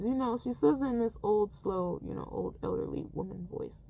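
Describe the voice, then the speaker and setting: A woman's voice: medium pitch, moderate pace, creaky, few pauses, dark tone. A woman who works as a teaching assistant, retelling a school incident in a casual storytime vlog and acting out what others said.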